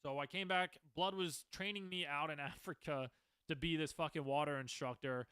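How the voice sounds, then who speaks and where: A man's voice: a little high, fairly even intonation, normal speed, sharp tone, smooth, no room sound. A man in his twenties, a podcast host, telling his own stories in a loose, rambling way, swearing often and restarting his sentences. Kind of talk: casual storytelling monologue.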